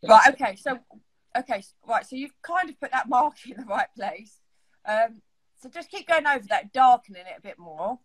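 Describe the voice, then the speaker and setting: A woman's voice: a little high, expressive, normal speed, low-quality recording. A woman hosting a casual makeup chat over a video call, teasing and laughing as she gives instructions. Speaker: makeup tutorial host.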